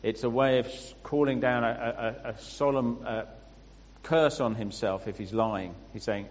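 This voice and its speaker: A man preaching a sermon, explaining scripture with pauses and restarts. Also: medium pitch. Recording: muffled sound with long hall reverb.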